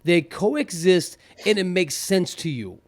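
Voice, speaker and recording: A man with a high voice talks bluntly in a casual podcast chat. He laughs easily and acts out inner voices as he makes his point. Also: lively intonation, slow pace.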